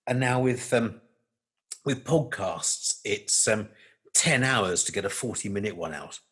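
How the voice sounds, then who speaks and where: A man co-hosting a podcast, chatting and telling a joke in a rambling, animated way. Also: lowish voice, measured pace, breathy edge. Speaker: podcast co-host. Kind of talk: casual chat and joke telling.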